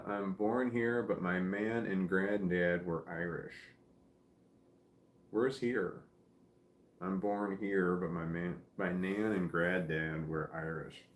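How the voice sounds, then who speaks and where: A man with a Midwestern American accent hosts a live chat from home, reading viewers' comments aloud and musing on them. His voice is low and sounds tired, and his talk rambles and breaks into chuckles. The room around him is echoey. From Missouri, United States. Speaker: livestream host reading chat.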